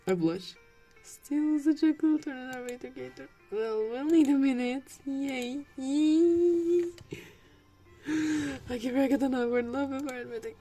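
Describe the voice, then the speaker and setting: Young woman streamer, mellow tone, playful giggly reads of game text, faint music under the voice. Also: a little high, moderate pace, husky. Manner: playful, giggly, switches between reading and reactions. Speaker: gameplay streamer. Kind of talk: reading a dating sim aloud with commentary.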